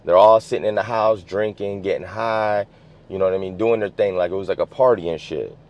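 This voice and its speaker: A man from the US West Coast tells a story in casual street slang, cursing freely and leaning on "you know what I'm saying" as filler. His brisk voice sits low with fairly even intonation, and the recording has a dull lo-fi sound.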